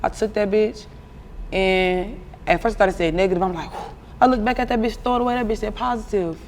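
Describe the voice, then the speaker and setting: A woman in her twenties with an Atlanta accent, a rapper guesting on an interview, tells stories bluntly, profanely and with lots of animation. Her mid-range voice moves at a quick pace over slight background noise.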